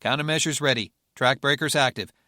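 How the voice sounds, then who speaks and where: A man's voice: medium pitch, fairly quick, sharp tone, no echo, studio quality, natural voice. A man voicing a determined male general who gives clipped, commanding orders in a cockpit. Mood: urgent.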